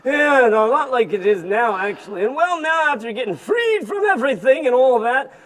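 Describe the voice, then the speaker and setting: A man's voice: extremely high pitch, big pitch swings, brisk, a crowd in the background. A man voicing a grumbling old male camel who kvetches in folksy old-timer talk in a church kids' skit. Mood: complaining.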